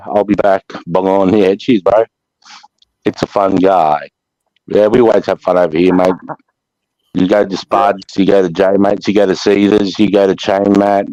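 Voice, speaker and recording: A laid-back man chats casually with his mates in a deep, dark voice. The sound is dry and a little muffled, like a cheap headset. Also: no echo. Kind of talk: casual chat.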